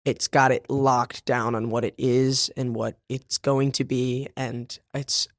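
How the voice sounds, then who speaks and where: A man's voice: mid-range voice, little pitch movement, slow pace, no echo, studio quality. A young man from Boston with a slight Boston accent, chatting casually as a podcast guest, laughing often and talking in fillers and restarts. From Boston, USA. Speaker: guest, stage actor. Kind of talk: casual interview chat.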